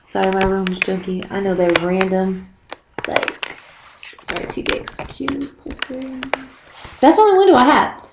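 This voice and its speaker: This twenty-something woman from the United States, who teaches English in Korea, chats dramatically to camera about her job, peppering her speech with fillers. Her fairly high voice swings widely in pitch at a slightly slow pace. She sits in a small windowless room that echoes, far from the mic, with a noisy background.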